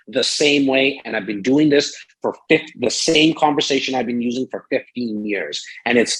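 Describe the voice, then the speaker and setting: A man talking as a guest in a casual interview, rambling and animated, with lots of fillers and acted-out quotes. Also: medium pitch, normal speed, slightly rough, rough recording. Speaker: real estate broker and sales strategist. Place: Toronto, Canada.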